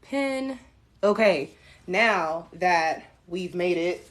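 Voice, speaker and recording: A woman tarot reader chatting casually with viewers on a home live stream, relaxed and self-mocking. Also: fairly low pitch, moderate pace. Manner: relaxed, chatty, laughs at herself, addresses viewers as y'all.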